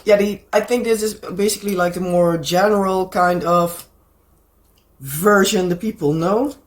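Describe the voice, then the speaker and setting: A crafting channel host, a woman with a Dutch accent and a lowish voice made hoarse by a cold, rambles casually about crafts. Now and then she pauses to search for the right words.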